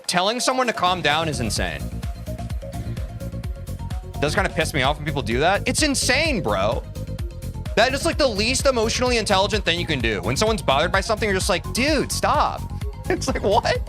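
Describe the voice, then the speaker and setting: A man's voice: high-pitched, big pitch swings, brisk, pauses often. A young man streaming live and talking to his chat in a heated, preachy way, speaking straight to them. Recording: gaming stream with music behind. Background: music.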